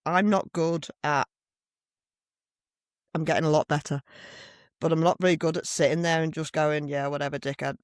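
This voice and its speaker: A middle-aged woman, co-hosting a podcast and telling stories in a blunt, animated way with plenty of swearing. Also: low-pitched, moderate pace, long pauses, no room sound, studio quality. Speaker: podcast co-host. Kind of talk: casual chat. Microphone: desk microphone.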